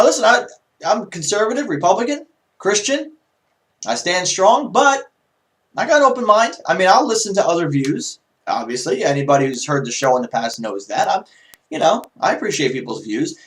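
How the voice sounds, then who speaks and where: High-voiced man on a ranting rant. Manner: emphatic, ranting, rhetorical questions. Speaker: political video blogger. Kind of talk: casual political rant to camera.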